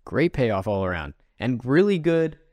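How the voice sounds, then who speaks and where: A man's voice: mid-range voice, very animated, a little slow, a little mellow, dry recording. A man co-hosting a podcast, chatting casually, upbeat and often laughing. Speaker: podcast co-host. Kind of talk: casual chat.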